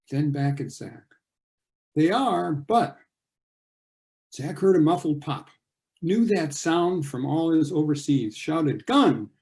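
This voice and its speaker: A man's voice: on the high side, creaky, dark tone. An older man, a thriller author, reading a passage from his novel aloud over a video call, voicing the dialogue with dramatic rises and drops.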